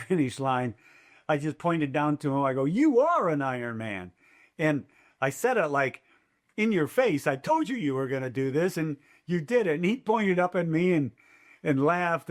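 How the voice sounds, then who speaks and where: Animated older man telling a story. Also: a little high. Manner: animated, acts out quotes in a raised voice. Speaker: race announcer guest. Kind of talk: storytelling in a podcast interview.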